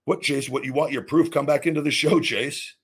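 A man's voice: fairly high pitch, fairly even intonation, brisk, breathy edge. A man hosting his own podcast, delivering a heated, profane rant full of repeated restarts. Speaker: podcast host. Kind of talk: podcast monologue.

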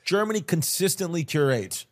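A brash man trading jokes on a comedy podcast, his voice sitting a little higher than most men's. He talks in loose, casual banter and likes to tease. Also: animated, moderate pace. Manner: brash, joking, mocking banter. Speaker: podcast co-host.

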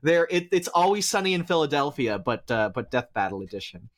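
A man co-hosting a casual chat, relaxed and agreeable, often laughing along. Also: fairly high pitch, a little fast. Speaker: co-host and writer.

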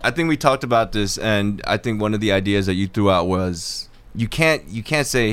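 A man with a lowish voice tells a casual story on a podcast. He talks in a relaxed way, full of fillers and restarts. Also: moderate pace, hardly any pauses, clear, resonant tone. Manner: laid-back storyteller, lots of fillers and restarts. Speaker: podcast co-host.

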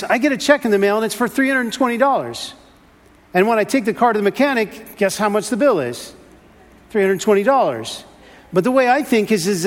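A middle-aged man preaching a sermon and telling a personal story in an earnest, repetitive way. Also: high-pitched. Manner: earnest storytelling, repeats words, rising exasperation. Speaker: pastor. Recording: hall reverb.

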